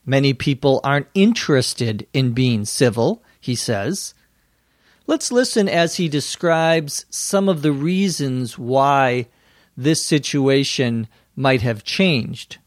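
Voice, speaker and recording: A male teacher explains English phrases to learners, speaking slowly and clearly. He sounds close to the mic in a dry room with no echo. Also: a little high. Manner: slow, clear explaining with acted example lines. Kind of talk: scripted explanation for language learners.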